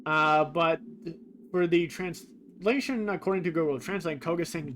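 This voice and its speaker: Hesitant man with a slightly high voice. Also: normal speed, fairly bright tone, a little hiss or hum. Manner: hesitant, fumbling for words, self-deprecating. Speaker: streamer. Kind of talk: casual game stream commentary.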